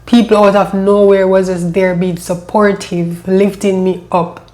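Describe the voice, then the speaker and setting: This is personal storytelling from a lilting woman with a mid-range voice. Her delivery is even and flat, with little rise or fall, yet she comes across as emotional and hesitant, often looping back to say her words again as she tells her life story.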